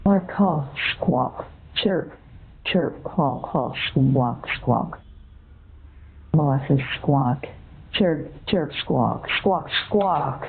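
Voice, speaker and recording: A woman's voice: very deep voice, expressive, drawn-out words, gravelly, breathy edge, full character voice. A computer voice of a woman playing a dotty old woman who believes she is a parakeet, sweetly befuddled and breaking into squawks and chirps over the phone. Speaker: scam-baiting bot. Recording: tinny phone line.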